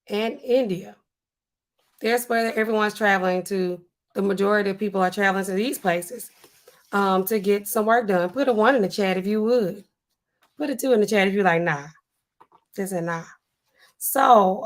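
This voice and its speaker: A talkative young American woman hosting a livestream. She chats loosely and speaks straight to her viewers in a relaxed, everyday way. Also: mid-range voice. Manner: chatty, addresses viewers directly. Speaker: livestream host. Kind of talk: casual livestream talk.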